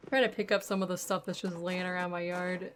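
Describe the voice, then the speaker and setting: A woman's voice: fairly low pitch, flat delivery, fairly quick, a little hiss or hum. A woman streamer giving casual gameplay commentary, thinking aloud and trailing off with fillers while her voice is starting to go. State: losing her voice.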